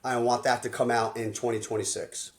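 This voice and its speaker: A man who works as a life coach and hosts a podcast. He tells stories in an energetic, slangy way and acts out the dialogue he quotes. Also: mid-range voice, brisk. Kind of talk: animated storytelling conversation.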